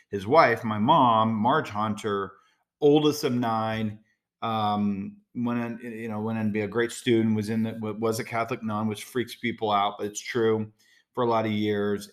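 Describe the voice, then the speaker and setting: A middle-aged American man hosting a solo podcast, talking in a conversational, direct way with frequent fillers and asides. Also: lowish voice. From United States. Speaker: podcast host. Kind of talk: casual solo podcast talk.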